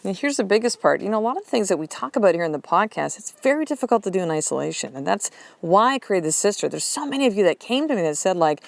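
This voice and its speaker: A woman's voice: medium pitch, sing-song, fast talker, vocal fry, hardly any pauses, no room sound. A woman hosting a motivational podcast, talking bluntly and emphatically and swearing freely. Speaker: podcast host.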